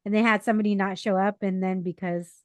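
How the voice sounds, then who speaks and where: A middle-aged woman co-hosting a podcast, chatting casually and telling stories in an animated way, acting out the people she quotes. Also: mid-range voice, quick pace, no echo. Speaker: podcast co-host. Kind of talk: casual chat, storytelling. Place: parents' house.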